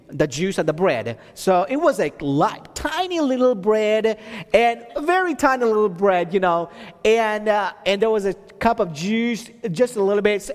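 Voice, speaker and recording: Male preacher with a high voice, testimony-style sermon, halting delivery that builds to emphasis; long reverb from a big hall. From Texas. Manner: storytelling with many restarts and fillers, rising to emphatic preaching.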